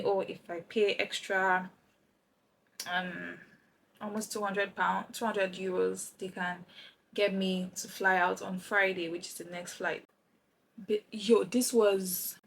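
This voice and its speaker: A young woman from Nigeria telling a lively travel story while doing her makeup, acting out the other people's lines. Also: mid-range voice, vocal fry, a little hiss or hum, poor audio. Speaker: vlogger. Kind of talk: chatty get-ready-with-me story time.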